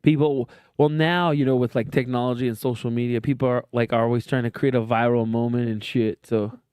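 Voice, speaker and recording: A man's voice: medium pitch, steady tone, a little fast, darkish tone, smooth, no room sound, studio quality. A man hosting a podcast in casual chat, laid-back, laughing and asking loose questions. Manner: laid-back, laughs often, short replies. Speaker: podcast host.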